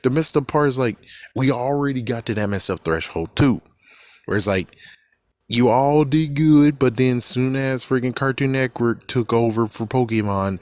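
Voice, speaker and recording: A man with a somewhat low voice rants casually to the camera. He rambles and sounds exasperated, with frequent swearing. The sound is dry, with no room echo. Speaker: video creator. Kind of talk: casual opinion rant.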